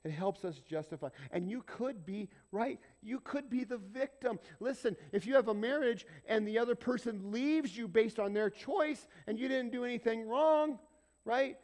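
A male pastor preaching a sermon, conversational and dramatic, swinging from loud urging down to near-whispers and often asking the congregation questions. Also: extremely high pitch, moderate pace.

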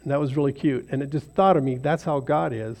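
A man's voice: mid-range voice, quick pace, vocal fry, a little mellow. A man leading an informal devotional talk for a small group in a rambling, self-deprecating, conversational way. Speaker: lay speaker leading a devotional.

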